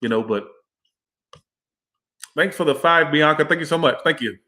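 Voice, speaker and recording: A man's voice: fairly high pitch, moderate pace, pushed and bright. Chatty, rambling man in an echoey room. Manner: rambling, chatty, swears freely. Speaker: tarot reader and livestream host. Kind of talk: casual livestream tarot reading.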